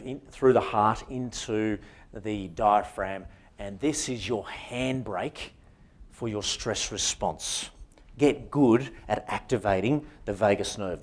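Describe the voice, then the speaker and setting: A man with an Australian accent giving an interactive workshop presentation to a conference audience, often putting questions to the room. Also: lowish voice.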